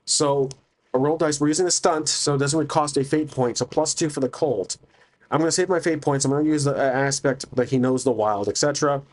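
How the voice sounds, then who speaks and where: A man's voice: on the high side, fairly quick, a little mellow. A man narrating a solo tabletop game, thinking aloud hesitantly with many restarts.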